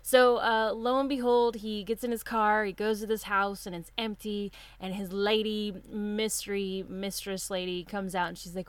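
A woman co-host in easy, casual conversation, her voice close and dry with no room around it. She retells events with energy, slipping into little acted-out voices, at a pitch that sits right in the middle for a woman. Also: moderate pace, clear, resonant tone, no room sound. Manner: animated retelling with acted-out quotes. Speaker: podcast co-host. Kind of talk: casual chat.

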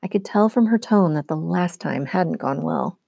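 A woman teacher reads a novel aloud, steady and clear in her storytelling. Her voice is low-set and mellow. The sound is dry and close. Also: normal speed, no room sound.

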